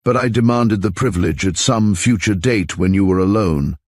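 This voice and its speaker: A man voicing a cool young gentleman who speaks quietly and in a measured way. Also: on the low side, no room sound, clean studio sound, lightly acted.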